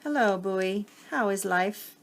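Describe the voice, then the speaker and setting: Woman reading as a calm hungry shark, quiet and mellow, low and unhurried, gravelly. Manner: very patient, unhurried. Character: slow, patient, hungry male shark.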